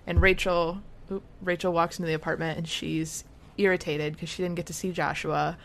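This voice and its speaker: A woman's voice: lowish voice, level tone, brisk, vocal fry, slight background noise. A woman co-hosting a podcast, casually retelling scenes and acting out the characters' lines. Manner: chatty retelling, acts out quotes. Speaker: podcast co-host. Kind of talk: casual recap chat.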